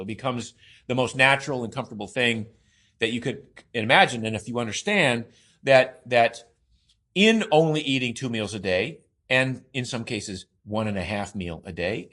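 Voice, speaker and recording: A man's voice: mid-range voice, fairly bright tone. A man talking on a podcast as a guest and co-author of a diet book, emphatic and enthusiastic, stacking long lists with restarts and fillers. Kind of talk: casual podcast conversation.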